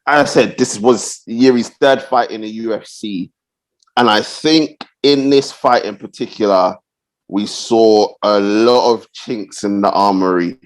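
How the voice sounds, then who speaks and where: A man co-hosting a casual fight-talk podcast in a relaxed, agreeable way. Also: on the low side, rough recording. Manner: relaxed, agreeable, backchannels a lot. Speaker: podcast co-host.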